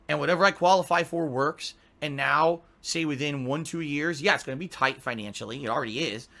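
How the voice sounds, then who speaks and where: 40s male streamer, defensive and swearing, sharp bright tone. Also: mid-range voice. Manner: aggrieved, defensive, profane. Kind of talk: podcast rant.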